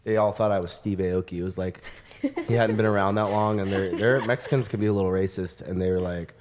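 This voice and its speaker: A man's voice: low voice, quick pace, noisy background. A young man hosting a podcast, telling jokey stories in a casual chat. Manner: joking storyteller, deadpan punchlines. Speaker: podcast host.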